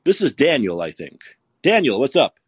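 A man's voice: mid-range voice, sing-song, moderate pace, breathy edge, no echo. A man hosting a live call-in podcast, talking casually and sarcastically, rambling with many restarts. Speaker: podcast host. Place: San Francisco.

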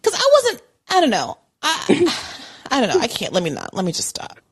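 Woman podcast host, casual chat from home, animated and rambling, lots of self-interruption. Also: sits high, moderate pace, breathy edge. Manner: animated, self-interrupting, swings from loud outbursts to quiet mumbling. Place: home apartment. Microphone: remote call audio.

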